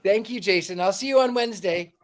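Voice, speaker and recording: A man hosting a livestream with a warm, theatrical, exclamatory manner, chatting and reading a storybook aloud. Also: sits high, fast talker. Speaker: livestream host.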